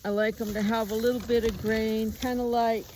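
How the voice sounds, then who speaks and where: A woman's voice: on the high side, flat delivery, moderate pace, background noise. A woman vlogging outdoors on her farm in a chatty, casual way, sometimes talking sweetly to her animals. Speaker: homestead vlogger. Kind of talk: casual farm vlog narration. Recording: faint outdoor ambience with farm birds. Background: chickens and ducks clucking.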